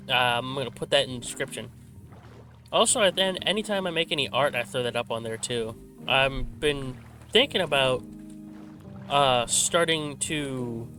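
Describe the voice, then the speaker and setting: A man's voice: medium pitch, bright, forceful tone. A man hosting a laid-back gaming channel, rambling and self-correcting with a slight stutter, into a desk microphone. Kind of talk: laid-back rambling commentary while playing. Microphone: desk microphone with a simple filter.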